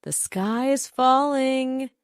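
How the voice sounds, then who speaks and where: A woman voicing a fussy grown farmyard hen in a storybook, excited and pleading. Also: sits high, takes it slowly, smooth, no echo, studio quality, pitched above the performer's own voice.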